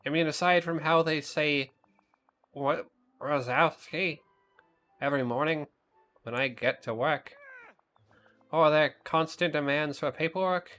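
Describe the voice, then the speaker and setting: A man voicing an excitable, fretful one-eyed male monster, reading game dialogue in a high, stammering voice. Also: unhurried, pauses often, soft background music. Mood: exasperated. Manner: high-pitched, jumpy, stammering.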